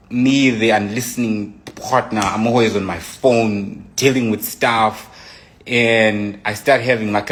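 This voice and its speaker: A young man casually telling a personal relationship story, rambling with many restarts and frequent asides. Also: lowish voice. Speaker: guest telling his side of a breakup.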